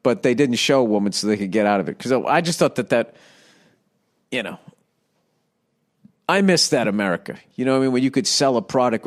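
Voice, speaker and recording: This podcast host, a middle-aged man, has an expressive mid-range voice, speaks fairly quickly, and leaves long pauses. Into a studio microphone fitted with a windscreen, he rambles through a profane comedic rant, dropping into goofy voices.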